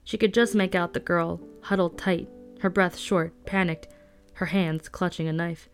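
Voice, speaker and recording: A woman reading a novel aloud in a calm, even storytelling manner. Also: on the low side, normal speed, few pauses, soft background music. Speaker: audiobook reader.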